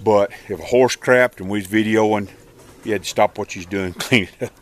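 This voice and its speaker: A man's voice: on the low side, fairly quick, a little hiss or hum. A man, casually narrating his chores outdoors in an animal pen, folksy and easygoing. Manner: folksy and rural, talks to his animals between explanations, calls dogs loudly. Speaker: homesteader filming his chores. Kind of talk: casual vlog narration while working.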